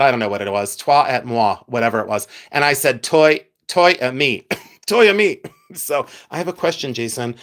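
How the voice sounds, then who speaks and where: A man's voice: medium pitch, fairly bright tone. A middle-aged man from Ohio hosting a live stream, chatting casually with viewers, laughing often and poking fun at himself. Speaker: livestream host.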